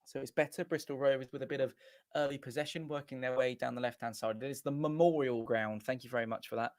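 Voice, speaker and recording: A man's voice: medium pitch, fairly even intonation, fast talker, no room sound. Chatty man commentating a match. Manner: chatty, rambling, often corrects himself. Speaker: fan watchalong host. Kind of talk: casual live match commentary. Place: small home studio.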